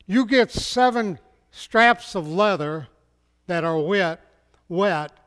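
A man's voice: sits high, animated, slow, fairly bright tone, smooth, exaggerated voice. A man voicing a strongman who explains himself plainly, repeating words for stress. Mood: earnest. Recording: long hall reverb.

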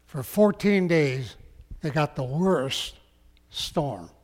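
A man preaching a sermon as a pastor, slow and emphatic, sometimes dropping to a hush. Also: fairly high pitch, expressive. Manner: slow, emphatic preaching that drops to hushed tones. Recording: long echoing hall.

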